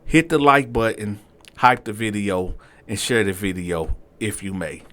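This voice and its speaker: A man telling a story to his viewers in a casual, animated and profane way, with frequent asides to the audience. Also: on the low side, a little slow. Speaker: storyteller, channel host.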